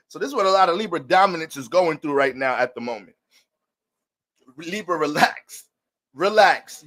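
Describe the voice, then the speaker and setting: Fields: Sex: man. Pitch: high. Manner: profane and joking. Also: a bit bright. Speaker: astrologer. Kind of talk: casual monologue.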